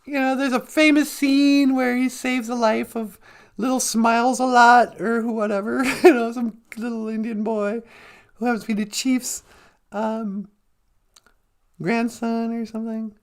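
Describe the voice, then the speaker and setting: A man's voice: very high voice, little pitch movement, a little slow, clean tone. A man hosting a livestream, retelling a film as a casual, jokey, rambling story with many self-corrections. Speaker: livestream host.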